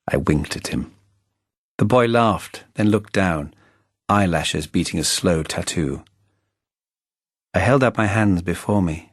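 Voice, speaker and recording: A man's voice: sits low, measured pace, pauses often, breathy edge, dry recording. A man narrating his own novel in the first person in a wry, arch storytelling manner, recorded close on a studio microphone. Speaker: audiobook narrator, the author.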